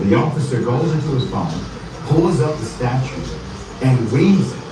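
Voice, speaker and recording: A man hosting online news commentary, recounting events step by step in a deliberate way. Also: medium pitch, heavy reverb, recorded from a distance, background noise.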